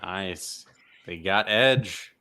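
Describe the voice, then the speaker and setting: Low-voiced easygoing man. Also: drawn-out words, sharp tone. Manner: easygoing, short approving replies. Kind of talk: casual chat.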